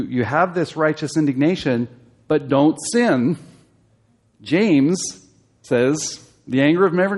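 A man's voice: mid-range voice, darkish tone. A man teaching a Bible study class, explaining a passage and asking his listeners questions, growing emphatic as he exhorts.

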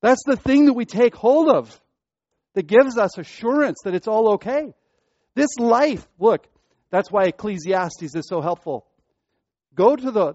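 A man's voice: fairly high pitch, darkish tone, no room sound. Man preaching a sermon, dull sound. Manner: preaching with rising emphasis and repetition. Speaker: pastor.

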